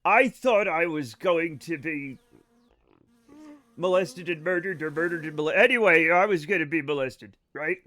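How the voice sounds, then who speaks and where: A man's voice: a little high, normal speed, pushed and bright. A man livestreaming a game and telling rambling stories in a casual chat, often laughing and correcting himself. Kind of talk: casual storytelling while gaming.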